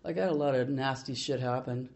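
A woman's voice: rumbling low, fast talker, darkish tone. An older woman from Canada sharing her recovery story at a meeting, in a blunt, salty way with many restarts.

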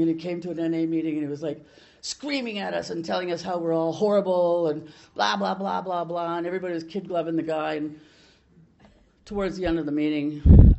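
A woman's voice: lowish voice, mellow, highs cut off. An older woman from Canada sharing her recovery story at a meeting, in a blunt, salty way with many restarts.

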